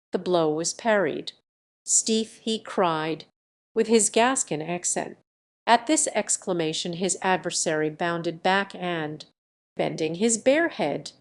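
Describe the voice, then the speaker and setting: A woman reads a classic adventure novel aloud in scripted audiobook narration. Her voice sits in the middle range, and her delivery stays even and measured. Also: mid-range voice.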